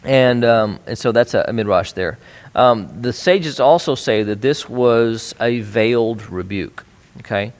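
A man's voice: medium pitch, unhurried, few pauses. A man teaching a bible study in a conversational way, with frequent fillers and restarts.

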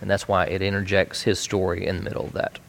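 A man's voice: low voice, completely flat delivery, fast, gravelly, slight background noise. A man teaching a bible study in a conversational way, with frequent fillers and restarts.

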